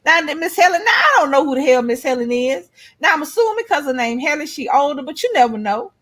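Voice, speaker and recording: A middle-aged woman, telling animated, profane stories in casual chat as a co-host. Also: high-pitched, fast. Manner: animated storytelling, blunt and profane.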